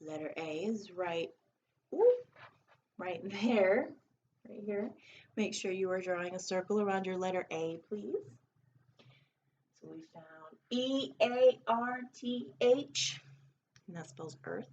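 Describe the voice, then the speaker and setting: A woman leads a recorded phonics lesson for preschoolers, drawing out each letter sound slowly in a sing-song voice. Her voice sits in an ordinary middle range, and the recording comes through dull and lo-fi with faint background noise. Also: medium pitch, lively intonation, a little mellow. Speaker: preschool teacher.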